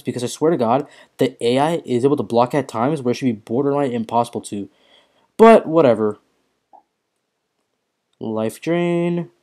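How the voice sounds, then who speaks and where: Young male streamer, excitable casual commentary, frequent swearing, hiccups and throat-clearing. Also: medium pitch. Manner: excitable, swears often, reads chat aloud. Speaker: mobile game streamer.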